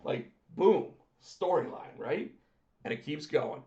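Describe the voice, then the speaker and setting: A man's voice: a little high, animated, slow pace, mellow. A man co-hosting a casual podcast, talking animatedly and acting out what others said. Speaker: podcast co-host. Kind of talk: casual wrestling chat. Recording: echoey room, dull lo-fi sound.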